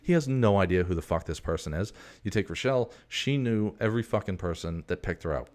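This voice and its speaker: A man's voice: sits low, fairly quick, few pauses, darkish tone. A man in his forties hosting a casual, rambling monologue, a profane storyteller who keeps drifting off on tangents. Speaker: host.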